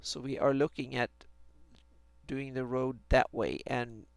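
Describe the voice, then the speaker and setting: A man's voice: mid-range voice, fairly even intonation, unhurried, creaky, clear, resonant tone, no echo. A man thinking aloud on a live stream as he draws a fantasy map, hesitant, with many restarts. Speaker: fantasy map maker streaming his work.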